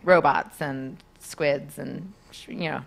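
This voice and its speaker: A young woman telling a story in casual chat, animated and often laughing, acting out quotes in a higher voice. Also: takes it slowly, creaky.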